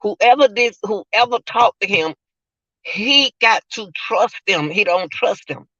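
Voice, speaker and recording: A man's voice: sits high, expressive, slow, pushed and bright, slightly rough, no room sound, lo-fi sound. A man giving emotional, repetitive livestream commentary, talking straight to his viewers.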